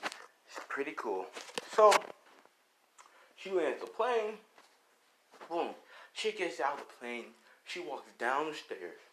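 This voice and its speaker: A man's voice: fairly high pitch, big pitch swings, slow, pauses often, fairly bright tone, slight background noise, poor audio. Rambling man telling a fan story. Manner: rambling, casual, uses fillers and swears. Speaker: channel host. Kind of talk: casual retelling of a fan-made story.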